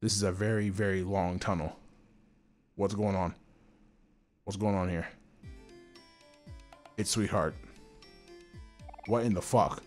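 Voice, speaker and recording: A male gameplay streamer giving excitable, nervously jokey commentary and swearing a lot. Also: low-pitched, slow, long pauses, soft background music. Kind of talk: let's play commentary.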